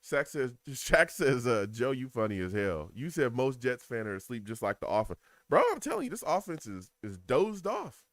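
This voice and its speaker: Casually narrating a football game live, a man with a New York accent stays animated, laughs a lot and reads out what viewers post in chat. His mid-range voice comes at a normal speed, captured echo-free at studio quality.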